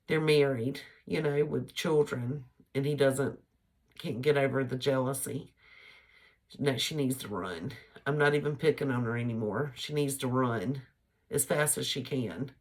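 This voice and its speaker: A woman's voice: rumbling low, a little slow, a little mellow. A middle-aged woman, chatting opinionated relationship advice to her followers in a casual vlog, laughing easily. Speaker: vlogger giving advice.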